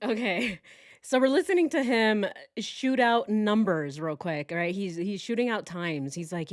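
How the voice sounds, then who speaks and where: Brief: woman true crime vlogger, slow delivery, dry close sound, keeps breaking into disbelieving laughter. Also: medium pitch, dry recording. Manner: incredulous, laughs often. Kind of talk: casual reaction commentary.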